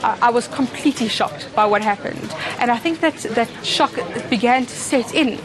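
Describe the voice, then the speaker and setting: A woman giving a reflective interview, measured and restarting phrases. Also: a little high, crowd noise.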